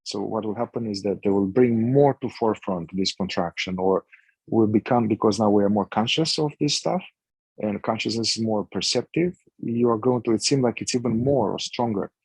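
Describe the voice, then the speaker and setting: Husky, low-voiced man guiding a practice. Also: no room sound, rough recording. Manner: slow, searching, restarts phrases. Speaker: somatic inquiry facilitator. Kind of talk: guided practice instruction.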